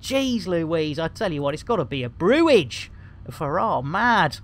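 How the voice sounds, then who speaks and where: A man's voice: on the high side, very animated, a little slow, fairly bright tone. A man giving rambling, jokey live commentary while streaming a video game. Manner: jokey, rambling, cheeky innuendo, frequent laughter.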